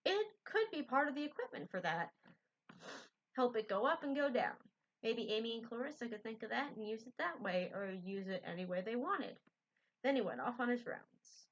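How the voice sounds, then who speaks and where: A woman reading a children's book aloud in a gentle, unpolished way, correcting her own slips. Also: fairly high pitch, lively intonation, normal speed. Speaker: storybook reader. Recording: dull lo-fi recording.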